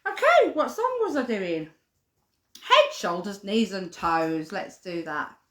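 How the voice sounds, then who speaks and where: A woman's voice: fairly low pitch, big pitch swings, measured pace. A woman, a playgroup leader, hosting a live-streamed children's session in a chatty, sing-song way aimed at toddlers and their parents. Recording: echoey room.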